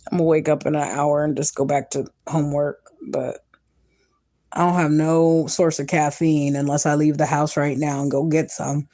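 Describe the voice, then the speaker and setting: A tired young woman talks straight to her own camera in a loose, rambling vlog. She is candid and chatty, drifting between everyday thoughts, and her voice rises high whenever she grows emotional. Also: level tone, moderate pace, dark tone. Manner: rambling, emotional, candid, swings to a high pitch when moved. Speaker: mother vlogging her day. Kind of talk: casual vlog chat.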